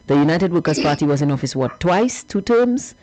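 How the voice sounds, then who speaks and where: Woman radio host, low voice, calm, measured. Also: a little hiss or hum, rough recording. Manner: calm, measured, pushes back gently. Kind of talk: radio call-in.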